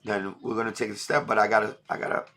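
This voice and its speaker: A man's voice: on the low side, flat delivery, fast, pushed and bright. A middle-aged man talking emotionally on a livestream, blunt and full of street slang. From New York. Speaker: livestream host. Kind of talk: emotional casual livestream talk.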